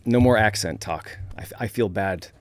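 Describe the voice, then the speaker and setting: A man's voice: fairly low pitch, moderate pace, faint music behind. A man with a New England accent hosting a casual livestream, reading viewer comments aloud and chatting easily, with frequent laughs and fillers. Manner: relaxed, chatty, laughs often, many fillers. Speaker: livestream host.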